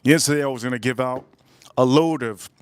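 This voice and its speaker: A man hosting a casual outdoor barbecue livestream, repeating himself and giving loud, excited shout-outs to his viewers. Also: medium pitch, brisk, clean tone, dry recording. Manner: repetitive, hyped shout-outs to chat. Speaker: livestream host. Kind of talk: casual live-stream chat.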